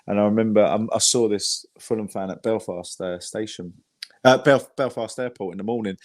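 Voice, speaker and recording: A man's voice: on the low side, moderate pace, dry recording. A man guest telling rambling, sweary fan anecdotes in casual chat, with an English accent. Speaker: podcast guest, football fan.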